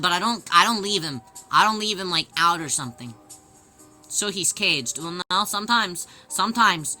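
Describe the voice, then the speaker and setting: A woman hosting a casual livestream, chatting and answering viewers' questions in a lively way with many restarts. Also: fairly low pitch. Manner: animated, reads and answers chat, many restarts. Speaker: livestream host.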